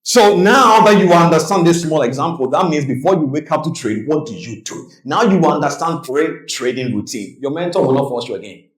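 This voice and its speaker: A man's voice: on the high side, animated, a little fast. A man giving a live seminar talk on the psychology of trading, telling stories and putting questions to the audience. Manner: storytelling, engages audience with questions. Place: hall before a live audience. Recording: roomy echo.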